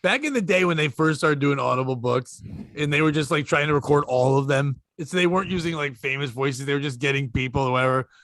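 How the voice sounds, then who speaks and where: A man with a fairly high voice jokes loosely as a podcast guest, chuckling through his asides. The sound is close and dry. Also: fast, a bit bright, no room sound. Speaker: comedian guest. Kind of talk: comedy podcast banter.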